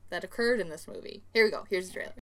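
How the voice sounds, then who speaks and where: A woman's voice: fairly low pitch, rapid-fire. A woman from the American Midwest who co-hosts a podcast, chatting casually as a giggly storyteller. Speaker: podcast co-host. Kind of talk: casual chat.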